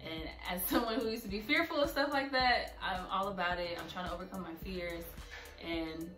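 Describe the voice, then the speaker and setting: A woman's voice: fairly low pitch, normal speed. A young woman speaking earnestly and openly emotional in a personal vlog. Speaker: vlogger. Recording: echoey room, a bit far from mic, soft music.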